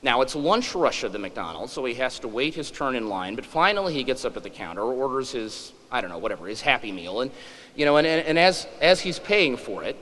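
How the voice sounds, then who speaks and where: Man in his forties, lecturer, wry humor, lively pitch, long hall reverb. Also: fairly quick. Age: 40s. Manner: wry, self-deprecating.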